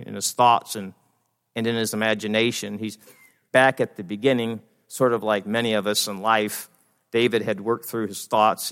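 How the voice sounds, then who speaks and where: Animated preacher in a reverberant church. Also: male voice, fairly low pitch. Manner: animated, acts out panicked inner voices, laughs often. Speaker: pastor. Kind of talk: sermon. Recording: long reverb of a church hall.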